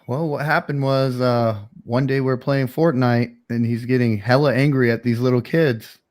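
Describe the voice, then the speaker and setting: A man's voice: medium pitch, fairly even intonation, normal speed, darkish tone. A man hosting a casual livestream chat, telling a story in a rambling, laid-back way with lots of fillers. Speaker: streamer host.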